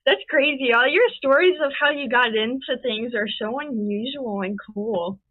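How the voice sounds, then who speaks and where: A woman's voice: fairly high pitch, moderate pace, dry recording. Host woman on a tinny line. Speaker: interview host. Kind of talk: casual interview questions.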